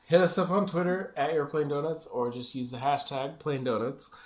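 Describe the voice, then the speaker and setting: A man's voice: fairly high pitch, normal speed. A man co-hosting a casual podcast, joking around and plugging the show's social media. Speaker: podcast co-host. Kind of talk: casual chat. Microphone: podcast mic on a lap desk.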